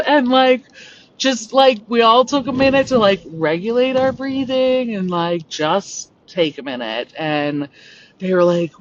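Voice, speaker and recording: A woman hosting a podcast, telling a story in a rambling, animated way full of "like". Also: on the high side, measured pace. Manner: rambling, animated, heavy use of "like". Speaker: podcast host. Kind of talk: casual storytelling monologue. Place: home on a rural homestead. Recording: distant, dull lo-fi mic with faint noise.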